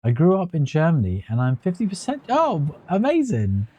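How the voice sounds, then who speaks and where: A man's voice: on the high side, huge pitch swings, moderate pace, dark tone, slightly rough, highs cut off. A man giving casual gameplay commentary on a stream, chatty and rambling, laughing at his own remarks.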